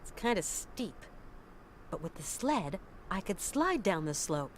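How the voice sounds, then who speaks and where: An actress voicing an adult woman adventurer in a video game, making measured, dry remarks. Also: on the low side, sing-song, slight background noise. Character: adult woman adventurer, calm, wry, dryly observant.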